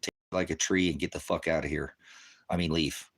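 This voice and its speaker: A deep-voiced man hosting a livestream who fires back at his chat. He curses freely and dismisses his commenters with blunt, combative put-downs. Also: fairly even intonation, fairly quick, breathy edge. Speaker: livestream host of a ministry channel. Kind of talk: profane livestream rant answering chat.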